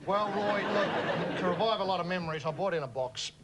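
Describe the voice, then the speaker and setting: An Australian man hosting a comedy show in a mock-serious, mock-patriotic tone that builds to shouting. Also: sits high, brisk. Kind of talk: mock-serious comic chat. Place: TV studio with audience. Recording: noisy studio audience.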